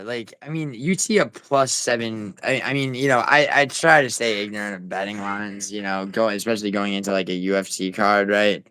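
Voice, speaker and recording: Streamer guy, lowish smooth voice, casual rambling chat with chat callouts, salty language. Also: normal speed, hardly any pauses, sharp tone, no echo, poor audio. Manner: rambling, many fillers and restarts, swearing; talks back to chat viewers. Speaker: livestream host. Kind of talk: casual livestream chat, reading chat.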